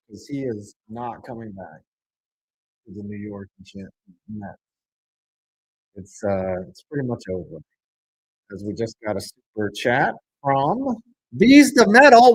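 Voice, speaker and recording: A man's voice: mid-range voice, slightly rough. A young man streaming a live football game, calling plays, reading chat and cracking crude jokes. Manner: jokey, profane, swings from flat mutters to excited outbursts. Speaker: streamer and sports commentator.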